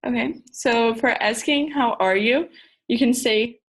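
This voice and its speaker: A young woman from Brazil with a fairly high voice chats in a relaxed Q&A. She sounds upbeat and enthusiastic and explains things eagerly. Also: a little slow, slightly rough. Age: young adult. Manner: upbeat, enthusiastic, laughs easily. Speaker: student cultural navigator. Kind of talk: casual Q&A answers.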